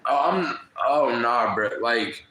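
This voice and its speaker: A man's voice: mid-range voice, lively intonation, slow, crowd noise. A man hosting a casual livestream, talking in slangy, profane chat and calling everyone bro. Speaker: livestream host. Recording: echoey room.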